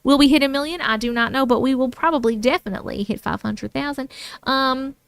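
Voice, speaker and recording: A woman with a Long Island New York accent hosts a casual livestream. Her voice sits high and sounds smooth and crisp. The recording is close and dry, and she chats in a bubbly way, thanking viewers one by one. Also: a little fast, no echo. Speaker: livestream host and story reader.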